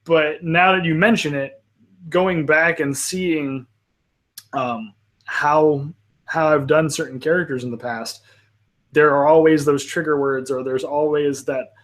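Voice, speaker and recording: Casting note: male panel host with a fairly high voice, halting and agreeable, restarts a lot. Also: steady tone. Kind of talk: casual live panel chat.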